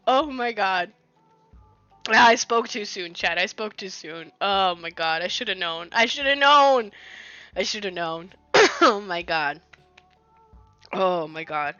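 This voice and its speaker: A woman's voice: a little high, animated, measured pace, pauses often, sharp tone, no room sound. A young woman streaming from home, talking to her chat at her computer and reading a game aloud. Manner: talks straight to chat, reads game text aloud. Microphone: desk mic at a computer. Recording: dull lo-fi dry mic, faint music.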